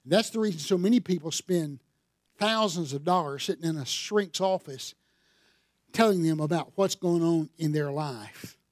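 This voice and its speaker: A man's voice: a little high, moderate pace, darkish tone, dry recording, clean studio sound. A man preaching a sermon as pastor, telling stories in a folksy way and building to fervent emphasis.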